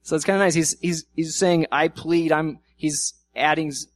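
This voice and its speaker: A man's voice: fairly high pitch, fairly even intonation, moderate pace. A man preaching a sermon in a church in a conversational way, acting out quoted arguments with humor. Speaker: pastor.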